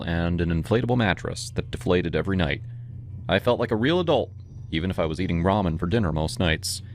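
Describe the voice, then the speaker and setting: Casting: deep male horror narrator, steady first-person storytelling, voice over a loud music bed.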